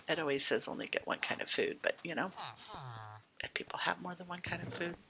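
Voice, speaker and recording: A woman's voice: on the low side, fairly quick, creaky, sharp tone. A woman giving casual let's-play commentary, chatting to the game's characters and slipping in and out of half-whispers. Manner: chatty, talks to game characters, drifts in and out of whispers. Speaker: gameplay host.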